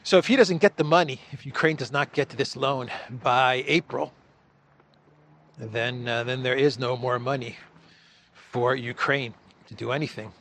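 A man's voice: medium pitch, a little slow, fairly bright tone, slight background noise. A man giving political news commentary in a mocking tone, laughing at the people he covers.

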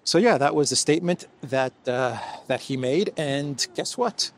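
A man's voice: fairly high pitch, animated, a little slow. A man giving mocking, rambling political commentary while walking through an indoor food court, recorded on a handheld phone. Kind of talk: casual walk-and-talk vlog.

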